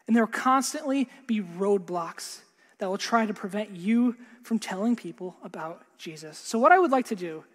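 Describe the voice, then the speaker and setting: A man preaching a sermon earnestly, repeating words and dropping to a hush for emphasis. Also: high-pitched, lively intonation, moderate pace. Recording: long hall reverb.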